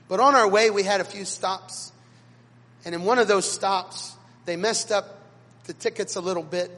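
A man, a pastor, preaching a sermon and telling stories dramatically, with sudden swings between quiet and loud. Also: high-pitched, big-room sound. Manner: dramatic storytelling with big swings in loudness. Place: church sanctuary.

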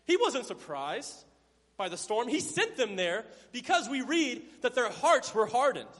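Very animated yet a little slow, the high-pitched pastor swings from booming emphasis to quiet asides in his sermon. He voices Bible characters playfully, and the sound rings with a large hall's long reverb.

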